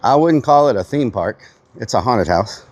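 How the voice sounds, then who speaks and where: A man's voice: mid-range voice, animated, moderate pace. A man live-streaming outdoors while working, talking casually with his chat and out of breath. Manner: chatty, answers chat, mild exclamations. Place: outdoors on a windy property.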